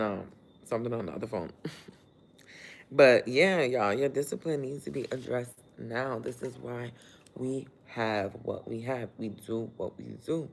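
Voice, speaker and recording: A man's voice: mid-range voice, creaky, slight background noise. Man, livestream host, casual chat, motivational, reads comments aloud, laughs often, mid-range voice. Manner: talks while working, laughs often.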